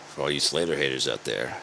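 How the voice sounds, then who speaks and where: A man's voice: extremely low pitch, gravelly, background noise. A man ranting in a sarcastic, rambling and profane way, as an online commentator.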